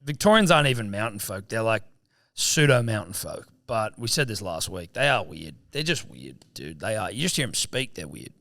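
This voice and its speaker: A man's voice: fairly low pitch, sing-song, normal speed, creaky, pushed and bright, dry recording, clean studio sound. A man with an Australian accent co-hosting a podcast, blunt and jokey in crude casual banter. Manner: blunt, jokey, swears freely. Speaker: podcast co-host.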